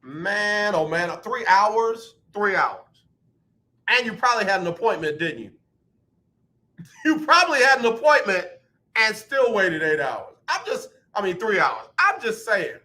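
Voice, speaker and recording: A man hosting a radio show, telling an exasperated story with laughs and reading birthday shout-outs. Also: sits high, very animated, unhurried. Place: radio studio.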